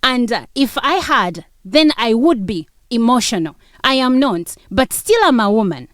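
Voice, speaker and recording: Insistent high-voiced woman debating. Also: lively intonation, moderate pace, no room sound, clean studio sound. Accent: Ugandan English. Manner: insistent, repeats herself to hold the floor. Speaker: radio show co-host. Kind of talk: heated studio debate.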